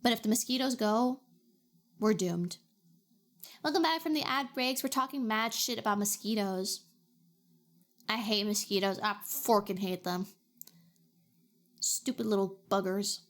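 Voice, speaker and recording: A woman's voice: mid-range voice, unhurried, pauses often. A young adult woman streamer from Canada, chatting playfully and reacting to her chat. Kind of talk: casual chat.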